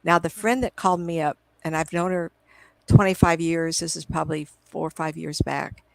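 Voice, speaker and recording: A middle-aged woman with a gravelly, creaky edge tells stories as a guest in an interview. Her voice comes dry and close through a computer microphone at home. She rambles from one point to the next and acts out old conversations in quoted lines. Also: sits low, steady tone, moderate pace, dry recording, low-quality recording. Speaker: psychic medium guest. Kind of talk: casual interview storytelling. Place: at home on a video call.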